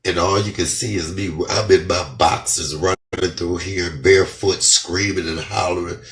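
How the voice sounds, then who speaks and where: A middle-aged man speaking fervently in an emotional testimony vlog, a little hoarse from shouting and crying with joy, talking in his house. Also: deep voice, steady tone, normal speed. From United States. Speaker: comedian vlogger. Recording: echoey room, off-mic.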